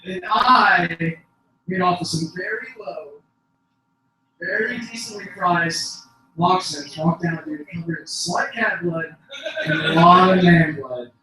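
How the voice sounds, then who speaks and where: A young man tells rambling stand-up stories at an open mic, now and then erupting into shouts and laughing at his own jokes. His voice sits high and sharp. It was recorded from far off in a very echoey venue. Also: unhurried. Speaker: stand-up comedian. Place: small comedy venue.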